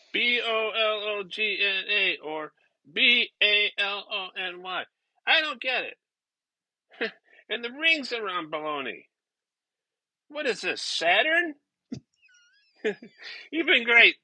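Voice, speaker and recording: A man playing an awkward amateur stand-up comedian who chuckles at his own weak jokes and clears his throat nervously. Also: high voice, lively intonation, slow pace, pauses often, pushed and bright, no echo, heavily acted, poor audio. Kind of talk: comedy sketch stand-up bit.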